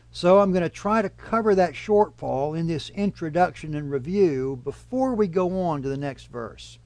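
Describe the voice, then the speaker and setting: A man with a high, light voice preaches a verse-by-verse sermon. He builds his points steadily and leans hard on key words. The sound is dry and close, with no room around it. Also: darkish tone, dry recording. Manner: measured, emphatic teaching delivery. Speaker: pastor.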